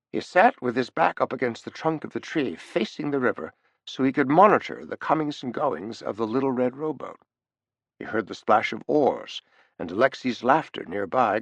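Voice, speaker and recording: Animated male audiobook narrator. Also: medium pitch, creaky, no room sound, highs cut off. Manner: animated, expressive reading. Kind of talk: scripted narration.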